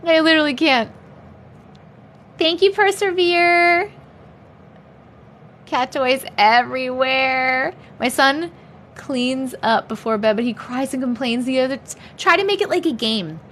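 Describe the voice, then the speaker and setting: A young woman with a fairly high voice chats loosely with her viewers from home, laughing a lot and dropping casual swears. A faint hum of room noise sits under her voice. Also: unhurried, pauses often, a bit bright. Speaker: livestream host.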